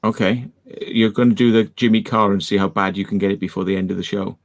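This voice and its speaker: Low-voiced man hosting a chat. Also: steady tone, fast talker, vocal fry. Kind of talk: casual chat.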